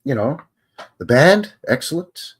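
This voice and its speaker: A man's voice: mid-range voice, very animated, unhurried, slightly rough. Rambling Canadian man hosting a livestream. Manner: loose, joking, meandering. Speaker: livestream host. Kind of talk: casual rambling livestream chat.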